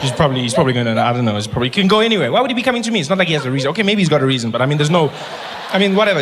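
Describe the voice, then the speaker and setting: A young adult man with a South African accent telling a stand-up story, animated and self-mocking with quick asides. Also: fairly high pitch, noisy background. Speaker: stand-up comedian. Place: comedy stage before an audience.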